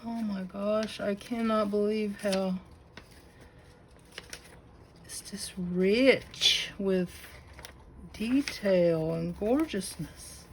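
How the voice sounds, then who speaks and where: A woman with a Southern US accent showing a crafted notebook to her camera at home, gushing with admiration and slipping into breathy asides. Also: mid-range voice, takes it slowly, slight background noise, poor audio. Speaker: craft channel host. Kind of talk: casual unboxing show-and-tell.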